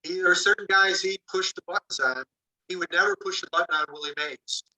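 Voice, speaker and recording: Bright, far-off man telling a story. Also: high-pitched, brisk. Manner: animated anecdote-telling, acting out dialogue, many fillers. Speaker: author. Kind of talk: casual storytelling.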